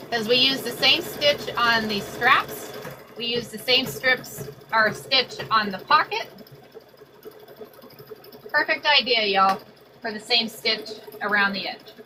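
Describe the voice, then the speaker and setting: A middle-aged woman hosting a craft livestream, chatting casually and excitedly while sewing, often repeating herself and calling out to viewers. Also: fairly high pitch, slow, background noise.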